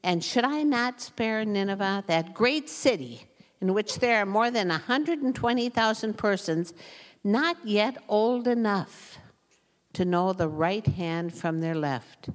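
A woman's voice: mid-range voice, expressive, unhurried. A woman giving an informal, chatty Bible teaching, reading scripture aloud and laughing often as she comments. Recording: long hall reverb.

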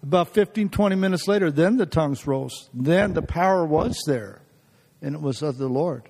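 A middle-aged man delivers a folksy sermon in a church, telling personal stories and chuckling between thoughts. His voice sits high for a man. The sound rings with a long reverb off the hall. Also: moderate pace, gravelly, darkish tone, slightly rough. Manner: folksy, laughing often, many restarts. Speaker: guest preacher.

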